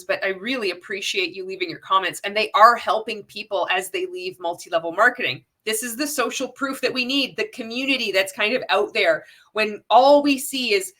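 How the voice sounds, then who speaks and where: Talking a little fast with few pauses, an anti-MLM video creator delivers casual commentary to camera in a mid-range voice that sounds pushed and bright. She often restarts sentences and keeps throwing out rhetorical questions.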